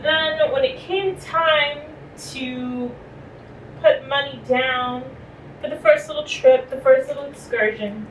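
A woman's voice: high voice, slow, slight background noise, poor audio. A young woman vlogging casually as she shows off her hotel room, chatty and playful. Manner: chatty and animated, playful asides. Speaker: travel vlogger. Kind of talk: casual vlog chat.

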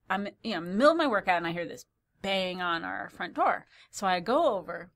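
A young woman telling a casual story to friends in an animated, giggly way, acting out voices. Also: on the low side. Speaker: podcast co-host.

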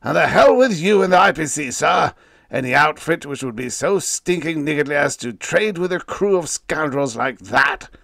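A man's voice: medium pitch, normal speed, gravelly, few pauses, no echo, studio quality. A man voicing a blustering old spaceship captain who roars and growls in a temper. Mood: raging. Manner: roaring, furious outbursts.

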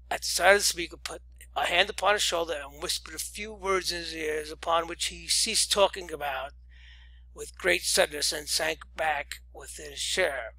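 A man's voice: a little high, moderate pace, vocal fry, pushed and bright, husky, dry recording, poor audio. A man reading a classic story aloud with theatrical delivery and occasional stumbles. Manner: theatrical, occasional slips and restarts. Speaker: audiobook reader.

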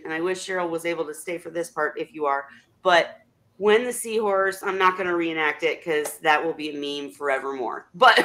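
Female host, lower-pitched voice, rambling and animated, video-call audio. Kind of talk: casual video chat.

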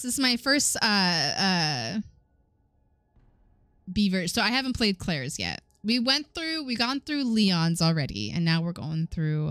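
A young woman streaming a horror game, her voice lively and leaping around in pitch as she reacts. She sounds bright and sharp, talking straight into a dry desk mic with no room sound at all. She swears, laughs a lot and keeps checking in with her chat. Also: dry recording. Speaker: gaming streamer. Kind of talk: let's play commentary.

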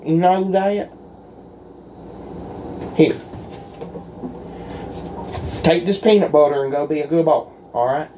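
A man's voice: fairly high pitch, measured pace, long pauses, dark tone, a little hiss or hum. A man doing a solo roleplay in a folksy, earnest and pleading way, as if talking to a gang of friends. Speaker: roleplay creator.

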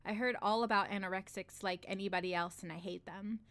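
A woman's voice: mid-range voice, fairly even intonation, brisk, fairly bright tone. A woman reads a short story aloud for a read-along, settling into the loose, street-wise drawl of its first-person narrator. Her voice sits mid-range, and she breaks off now and then for casual asides, laughing and swearing. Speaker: host reading a short story collection aloud.

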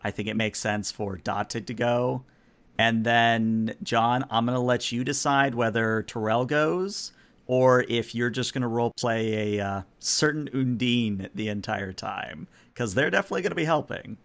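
A man's voice: medium pitch, normal speed, fairly bright tone. A man running a tabletop game stream as game master, talking casually and rambling with lots of ums.

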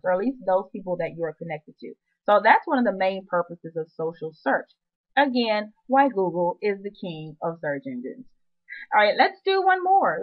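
A woman's voice: mid-range voice, phone-quality sound. A woman presenting a screen-recorded web marketing tutorial, chatty and upbeat with playful asides.

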